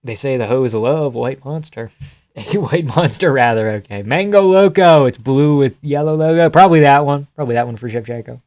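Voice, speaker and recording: A man streaming live and reacting to a fight card in an offhand, profane way. He reads chat messages aloud and answers them with quick jokes and loose banter. His voice sits at an ordinary middle pitch for a man. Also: animated, a little mellow, no room sound, clean studio sound. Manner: casual and profane, reading chat aloud, joking.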